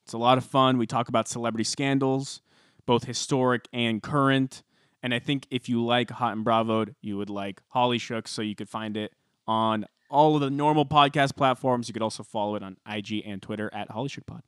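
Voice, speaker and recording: Man, podcast co-host, mid pitch, dry close mic, deadpan and blunt. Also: brisk, clear, resonant tone, no room sound. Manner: blunt, sardonic, deadpan asides. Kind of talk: casual chat.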